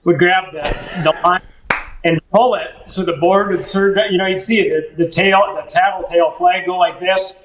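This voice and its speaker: A man telling stories as a podcast guest and fishing guide, animated and full of restarts. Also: high voice, normal speed, poor audio. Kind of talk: casual storytelling chat.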